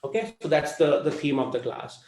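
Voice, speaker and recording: A man's voice: on the high side, expressive, normal speed, echoey room, heavy background noise. A man teaching a language class, explaining patiently and checking in with students often. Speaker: Hindi teacher.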